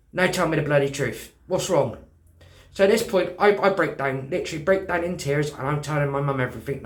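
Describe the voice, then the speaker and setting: In casual talk, a British man animatedly tells a personal story, acting out the dialogue and swearing freely. His voice is a little high, and the audio has a roomy feel.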